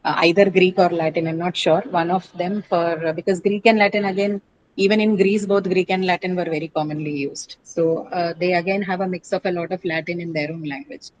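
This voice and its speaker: A woman's voice: on the low side, fairly even intonation, brisk, slight background noise, rough recording. A woman teaching a class on English word stress, explaining patiently with many fillers and frequent checks like "right?".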